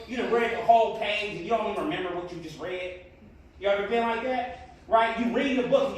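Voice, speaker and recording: Earnest high-voiced man preaching to students. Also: slight background noise. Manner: earnest, preachy, rising to emphatic peaks. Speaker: motivational speaker. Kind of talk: speaking to a class of students. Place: classroom. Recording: very echoey room, distant mic.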